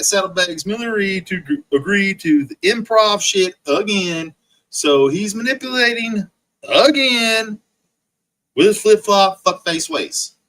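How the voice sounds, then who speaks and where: A man hosts a livestream and delivers a long, profane rant, repeating the same jabs and stopping to answer viewers in chat. His voice is bright and forward, sitting a little high for a man. His delivery is mocking and combative throughout. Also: rough recording. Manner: profane, mocking, repetitive ranting; reads and answers chat comments. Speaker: livestream host. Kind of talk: ranting livestream monologue.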